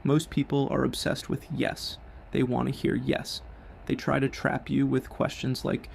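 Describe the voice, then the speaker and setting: A man's voice: mid-range voice, flat delivery, unhurried, gravelly, hardly any pauses, darkish tone, a little hiss or hum. A man hosting a show, delivering a scripted business monologue in blunt, punchy short sentences. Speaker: show host.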